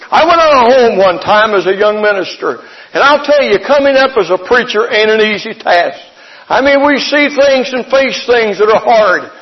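A middle-aged preacher with a high, bright voice tells homespun stories from the pulpit and builds into fervent declarations. The sound is dull and lo-fi, like an old church tape. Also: male voice, animated, normal speed. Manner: folksy storytelling, rising into fervent proclamation. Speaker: pastor. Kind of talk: preaching a sermon. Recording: dull lo-fi sermon recording.

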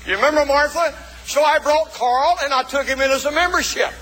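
A male pastor preaching a sermon in a folksy way, calling out to the congregation and shouting for emphasis. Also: very high-pitched, fairly quick. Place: church. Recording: long reverb of a church hall.

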